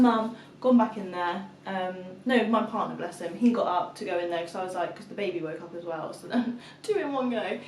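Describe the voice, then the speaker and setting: Young mum vlogger, casual chatty storyteller, recorded in an echoey room. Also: female voice, mid-range voice, slight background noise. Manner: chatty storyteller, acts out her toddler's shouts. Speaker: vlogger, mother of two. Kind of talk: casual chat to camera. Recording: echoey room, mic at a distance.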